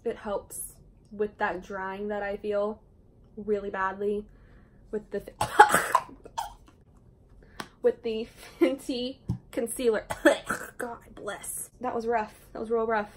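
A woman's voice: medium pitch, little pitch movement, slow, pauses often, slight background noise. A young woman with a Southern US accent chats her way through a makeup routine at home. She rambles from one thing to the next in a loose, easygoing way, breaking off into little asides. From Southern Indiana, USA. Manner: chatty, rambling, frequent laughs and asides. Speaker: beauty vlogger. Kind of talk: casual chat while doing makeup. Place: indoors at home, doing makeup.

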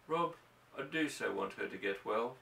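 A man voicing an anxious ranch wife and mother, speaking softly and with worry. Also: lowish voice, lively intonation, normal speed, gravelly, slight background noise, heavily acted. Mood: anxious, hushed. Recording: roomy, distant mic.

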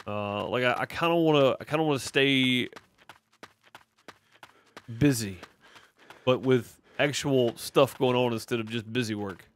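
A man's voice: mid-range voice, unhurried, pauses often. A man with a Mississippi drawl giving loose live commentary over a game he's streaming. He rambles, answers his chat and leans on fillers as he goes. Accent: Mississippi Southern. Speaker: gaming streamer. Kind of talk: casual live gameplay commentary.

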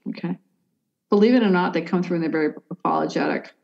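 A woman psychic medium giving a reading in a hesitant, halting way, full of "like" and restarts. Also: on the low side, creaky, darkish tone. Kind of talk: conversational reading for a sitter. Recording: dull lo-fi sound.

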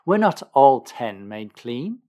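Jesus, calm and emphatic teacher, read by a male narrator, plain storybook reading. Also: mid-range voice, normal speed, close to an everyday voice. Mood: reproachful.

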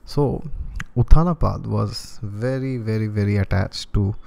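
A man with an Indian accent tells a devotional story as a spiritual teacher. His voice is low and mellow. He is animated, chuckles often and keeps asking his listeners rhetorical questions. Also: measured pace, gravelly.

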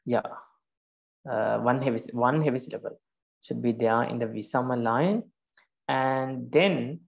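A man teaching meter in an online class, explaining slowly and repeating his terms. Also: medium pitch, creaky, highs cut off. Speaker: Pali teacher.

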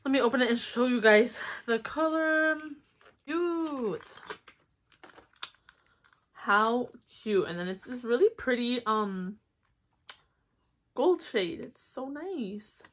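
A woman's voice: fairly high pitch, slow pace, pauses often, a bit bright. A young woman chatting casually at home to a camera on a stand, upbeat and full of fillers. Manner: chatty, upbeat, with fillers and little squeals of delight. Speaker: vlogger. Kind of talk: casual haul vlog chat. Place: home, indoors.

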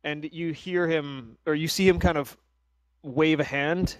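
A man runs a tabletop game, narrating scenes in a relaxed, loose way with frequent fillers. His voice sits somewhat high. The sound is dry and close to the mic. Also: unhurried, clean tone, dry recording, rough recording. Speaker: game master.

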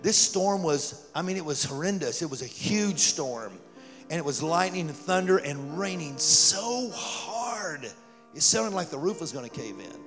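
A male pastor telling a story in a sermon, animated and rising to loud fervor. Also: fairly high pitch, measured pace. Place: church sanctuary. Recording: church hall reverb with music.

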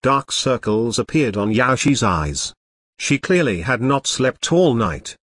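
A man reading a novel aloud as an audiobook narrator, in a steady, even scripted delivery. His voice sits at a middle pitch. The sound is close and dry, with no room around it. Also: slow pace, no echo.

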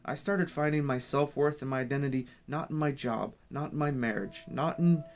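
A man's voice: medium pitch, normal speed. A man giving an earnest, rambling personal faith testimony, often restarting his sentences. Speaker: Christian speaker.

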